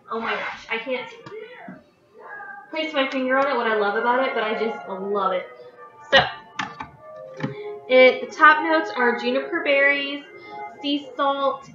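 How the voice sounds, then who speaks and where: A woman's voice: high voice, distant mic. A woman chatting casually at home in her kitchen, reading product descriptions aloud and stumbling over some words. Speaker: vlogger reviewing scented wax products. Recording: echoey room, dull lo-fi sound, music behind.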